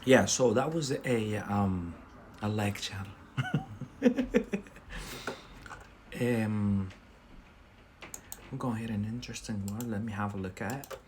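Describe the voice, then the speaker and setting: A man's voice: on the low side, measured pace, long pauses, slight background noise. A man teaching an English lesson on a live stream, chatty and often checking in with a questioning "yeah?". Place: in Scotland.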